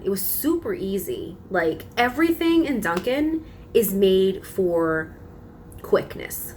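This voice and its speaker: A young woman vlogging in a casual storytelling style, with a voice of ordinary pitch. She tells her story in an animated, emphatic way, pushing hard on the words she cares about. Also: slight background noise. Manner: animated, emphatic retelling with frequent laughs.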